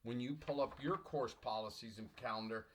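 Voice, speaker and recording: A middle-aged college English professor talks a little fast in a medium-pitched voice while teaching online. His lecture is emphatic, motivational, and full of repetition, punctuated by frequent throat-clearing.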